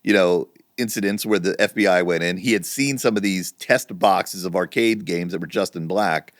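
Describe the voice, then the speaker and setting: A middle-aged man co-hosting a casual podcast, telling stories with lively energy and free swearing. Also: deep voice, moderate pace, no room sound, studio quality. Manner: animated storytelling, swearing freely. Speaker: podcast co-host. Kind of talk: casual chat.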